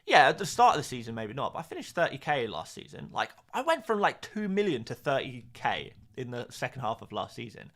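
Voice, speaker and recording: A man's voice: mid-range voice, huge pitch swings, fairly quick, few pauses, a bit bright. A young man chatting casually on a live stream, reading out viewer comments in a self-mocking, rambling way. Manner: chatty, self-mocking, repeats words and restarts. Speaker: fantasy football streamer.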